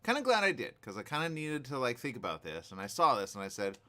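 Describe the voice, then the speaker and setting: A man's voice: medium pitch, fast. A man hosting a radio talk show, giving opinionated news commentary in an emphatic, repetitive way. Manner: animated, emphatic, repeats himself.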